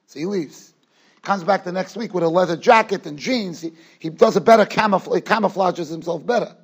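A man giving a lecture as a rabbi, emphatic one moment and hushed the next, often repeating his phrases. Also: high voice, fairly quick, breathy edge. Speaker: rabbi giving a Torah class. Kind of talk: yeshiva lecture. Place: yeshiva study hall.

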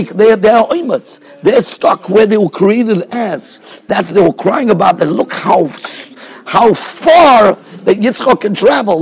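A husky-voiced man, a rabbi teaching a Torah class in a yeshiva. His voice sits high for a man. He explains at length and keeps checking in with his listeners. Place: yeshiva study hall.

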